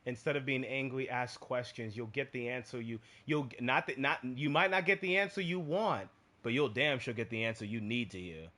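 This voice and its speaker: A man's voice: medium pitch, normal speed, pushed and bright. Earnest man repeating points. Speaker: podcast co-host. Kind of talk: casual opinion talk. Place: live stream.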